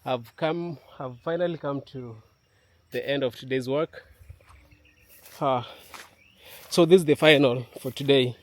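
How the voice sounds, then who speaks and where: Guy vlogging in his yard, slow and halting, lots of uhs, mid pitch. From Kenya. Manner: unhurried, halting, with many fillers. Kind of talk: casual vlog talk to camera. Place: outdoor yard.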